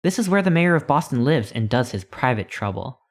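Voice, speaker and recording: A man's voice: mid-range voice, big pitch swings, a little fast. A man voicing a pompous old tour guide in colonial dress, read from a text adventure. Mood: proud lecturing. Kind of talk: reading a text adventure aloud.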